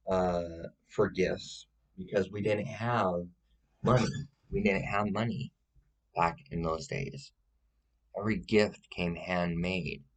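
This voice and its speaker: Guy playing a rambling know-it-all witch lady, real low voice, slow, lots of ums, deadpan. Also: low-quality recording. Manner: rambling, hesitant with many fillers, insistent "Okay?". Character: self-styled witch woman, rambling, confidently wrong. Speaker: witch giving a tutorial. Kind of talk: deadpan comedic character monologue.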